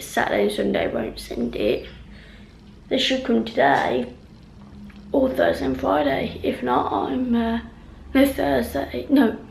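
A woman's voice: fairly high pitch, creaky, a little mellow, slight background noise, low-quality recording. A woman chatting at home in a casual, rambling vlog, full of ums and restarts. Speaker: vlogger.

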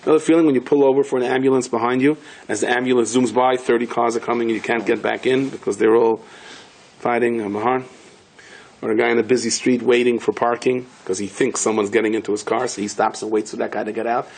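Man, rabbi, husky voice, storytelling lesson, wry humor, Yiddish words. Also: mid-range voice, steady tone, fast talker, darkish tone, low-quality recording. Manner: anecdotal, self-deprecating humor; sprinkles Yiddish and Hebrew words.

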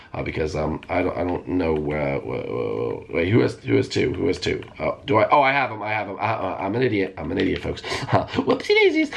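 A man hosting a gaming video, giving excitable live commentary that jumps into squeals and shouts. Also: fairly low pitch, vocal fry. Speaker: gaming channel host.

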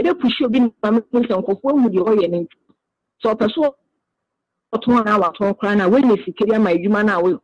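A woman's voice: fairly high pitch, a little mellow, no room sound, lo-fi sound. A woman being interviewed on the radio, earnestly explaining her side at length.

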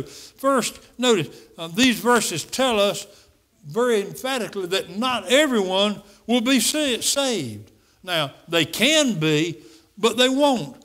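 A man with a notably high voice preaches at a church service. He speaks emphatically and drives his points home by repeating key phrases. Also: fairly bright tone. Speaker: pastor. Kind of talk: sermon.

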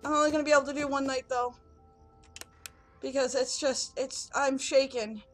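A woman's voice: high voice, flat delivery, fairly quick, fairly bright tone, soft background music. A woman doing horror game commentary, jittery and swearing constantly as she pleads with the game. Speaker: gaming youtuber.

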